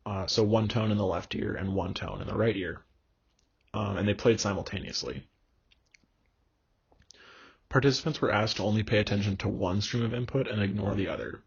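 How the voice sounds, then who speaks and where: A young man lectures with a low, gravelly, husky voice, stopping and restarting often with plenty of ums. The recording is dull and lo-fi. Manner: halting, many fillers and restarts.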